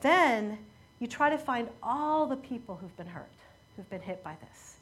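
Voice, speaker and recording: A woman preaching a sermon, telling a story in an earnest, measured way that often falls quiet at emotional moments. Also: a little high, lively intonation, breathy edge.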